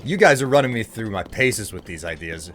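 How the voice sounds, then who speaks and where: A man's voice: on the low side, lively intonation, fairly quick, over music. A young man streaming a game, chatting casually and joking with lots of fillers. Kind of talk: casual live-stream chat.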